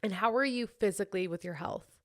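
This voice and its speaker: A woman hosting a podcast, asking quick follow-up questions and teasing in casual chat. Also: mid-range voice. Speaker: podcast host.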